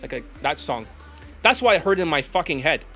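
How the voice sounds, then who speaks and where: A man's voice: fairly high pitch, very animated, fairly quick, pushed and bright, soft background music. A man, a dating coach, ranting bluntly and profanely in a vlog monologue.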